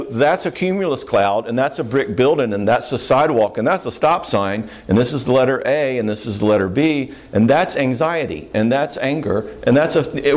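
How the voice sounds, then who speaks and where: A middle-aged man gives a casual seminar talk and answers questions from the audience. He tells stories with a lot of animation and slips into the voices of the people he quotes. His pitch rises and falls widely. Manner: animated storyteller who acts out the people he quotes.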